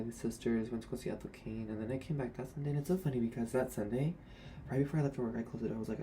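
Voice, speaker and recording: A man's voice: medium pitch, steady tone, very fast, dark tone, slight background noise. A young man, a former retail worker, speaking to camera in a candid, sassy and blunt rant about old coworkers.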